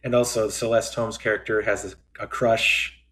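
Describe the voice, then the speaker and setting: A man co-hosting a casual film discussion podcast, recapping scenes and acting out lines in quick voices. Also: fairly low pitch, flat delivery, fairly bright tone, a little hiss or hum. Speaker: podcast co-host.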